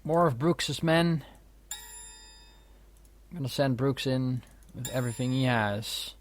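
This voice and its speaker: A man's voice: mid-range voice, slow pace. A man giving casual, wry commentary while playing a strategy game, swearing now and then. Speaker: let's play host. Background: keyboard and mouse clicks.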